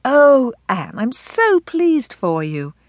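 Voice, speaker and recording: A woman voicing a composed, friendly young gentlewoman in an audiobook. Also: high voice, sing-song, slow, dry recording, clean studio sound, voice pushed up, heavily acted.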